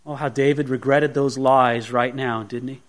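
A man preaching a sermon, teaching through a Bible passage in an animated way and acting out the characters' lines. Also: medium pitch, moderate pace. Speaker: pastor.

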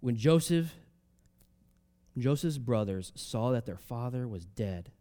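A man preaching a sermon, reading scripture aloud and explaining it in a conversational way, swinging between loud emphatic rises and soft drops. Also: medium pitch, expressive, slow. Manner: reads scripture aloud, then explains it casually with fillers.

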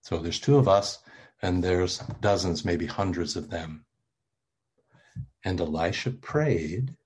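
A man giving an informal sermon as a bedtime story, talking in a halting, conversational way with many fillers, gentle and reflective. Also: deep voice, breathy edge. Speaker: preacher.

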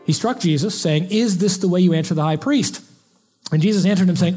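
A male pastor preaching from the pulpit. His voice sits high and mellow with a husky edge. He talks in a conversational, animated way and acts out the lines he quotes. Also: a little fast. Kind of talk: expository sermon. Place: church pulpit.

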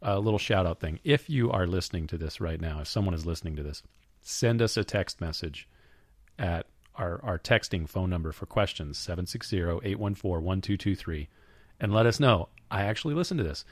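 A man co-hosting a casual chat show, with a hoarse voice after losing it and a wry, joking manner. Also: sits low, brisk, dry recording, clean studio sound. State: hoarse, recovering voice. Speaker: podcast co-host.

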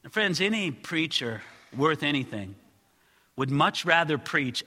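An earnest male preacher with a high, very bright voice that soars into loud pleading passages. His words ring out with a long hall reverb behind them. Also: sing-song, measured pace, breathy edge. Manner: earnest, rises high and loud when acting out pleas. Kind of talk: expository sermon.

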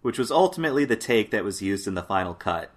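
A man's voice: lowish voice, expressive, fast talker. A man co-hosting a casual chat, reading out lists of facts in a dry way with fillers. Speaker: podcast co-host.

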